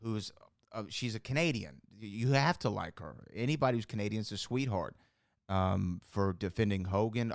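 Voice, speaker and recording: A young man hosting a casual podcast chat, telling stories in a chatty, animated way and reading out viewer questions. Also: fairly low pitch, brisk, gravelly, no room sound, clean studio sound. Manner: chatty, animated storytelling with frequent laughs and fillers. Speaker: podcast host.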